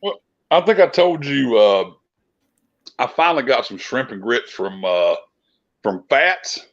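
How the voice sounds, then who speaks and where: A man's voice: medium pitch, lively intonation, unhurried, muffled recording. A man telling rambling, profane stories in a casual chat. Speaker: podcast co-host, musician.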